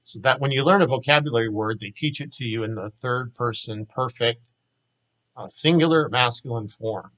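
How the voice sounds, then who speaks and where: A man with a Southern American accent teaching a grammar lesson in a casual way, saying each word slowly and repeating it for drill. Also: medium pitch, a bit bright, low-quality recording. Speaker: Hebrew teacher.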